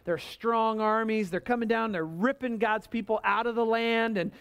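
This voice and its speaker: A male pastor preaching a sermon in a conversational, animated way, calling out for amens and acting out people's complaints in a raised voice. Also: normal speed, gravelly, clear, resonant tone. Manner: animated, acts out complaints in a higher voice.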